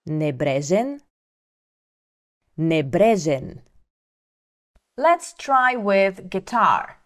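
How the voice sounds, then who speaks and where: A woman teaching vocabulary, repeating each word slowly and carefully for learners. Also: on the low side, sing-song. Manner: slow, careful repetition for learners. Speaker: language teacher. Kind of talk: slow vocabulary lesson.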